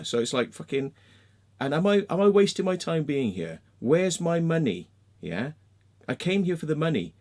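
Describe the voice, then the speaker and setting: A man's voice: a little high, a little mellow. A man, ranting angrily and sarcastically to the viewers of his vlog, swearing often and ending his points with "yeah?" or "right?". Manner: heated, sweary, keeps adding "yeah?" and "right?"; sarcastic, mocking. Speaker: vlogger. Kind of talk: angry ranting vlog monologue.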